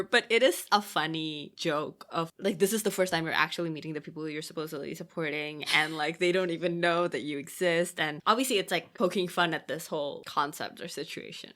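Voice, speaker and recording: A young woman co-hosting a podcast, chatting casually about a film, animated and laughing often as she acts out lines. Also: lowish voice. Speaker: podcast co-host.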